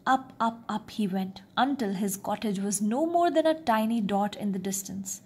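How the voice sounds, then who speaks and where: A woman reading a children's fairy tale aloud in a soft, expressive, often half-whispered way. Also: mid-range voice, normal speed, husky. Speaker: storyteller. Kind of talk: storybook narration.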